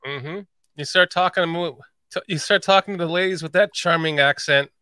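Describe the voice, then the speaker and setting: A man's voice: a little high, a little fast, sharp tone, clear, resonant tone. A man hosting a podcast, joking and swearing freely in casual banter. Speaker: podcast host.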